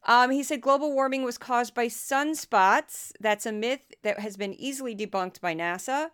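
Hosting her podcast at a normal pace, the middle-aged Midwestern woman has a slightly high, somewhat bright, clean-sounding voice. Her talk is relaxed and chatty, with wry, self-mocking remarks.

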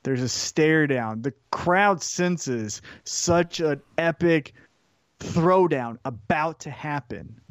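Man, podcast co-host, casual storytelling, slightly high voice, dry close sound. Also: slow pace, no room sound. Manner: animated storyteller, acts out quotes in put-on voices. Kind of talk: casual chat recapping wrestling.

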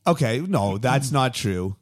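A man's voice: medium pitch, lively intonation, measured pace. A man co-hosting a podcast in casual chat, talking in a wry, analytical way with dry jokes. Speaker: podcast co-host.

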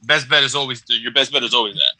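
Here the same kind of podcast co-host talks fast in a mid-range, bright, forceful voice, chatting casually with slang and swearing through his laid-back stories. The recording quality is low.

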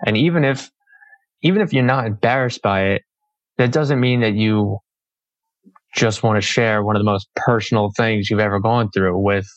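A young man as an interview guest, speaking earnestly and reflectively with halting phrasing. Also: lowish voice, no echo, highs cut off. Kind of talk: conversational interview.

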